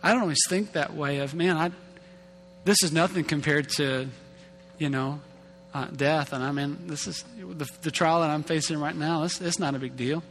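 A man's voice: on the high side, normal speed, fairly bright tone. A man in his thirties preaching a sermon as a pastor, casual and self-deprecating, often repeating and restarting his words. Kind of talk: conversational sermon. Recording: long hall reverb with faint hum.

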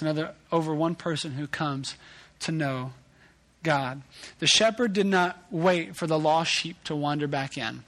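A man's voice: on the high side, unhurried, fairly bright tone. A man, a pastor telling a self-deprecating family story in a sermon.

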